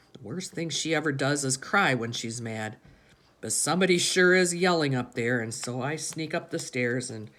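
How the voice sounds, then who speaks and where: A woman's voice: a bass voice, a bit bright. A woman reading a first-person audiobook narration in a plain, conversational way. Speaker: audiobook reader.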